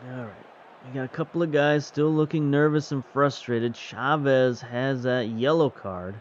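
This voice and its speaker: A man's voice: mid-range voice, normal speed, highs cut off, a little hiss or hum. A man giving casual, wry play-by-play commentary while playing a football management game. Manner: wry, chatty, self-mocking. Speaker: gaming video host.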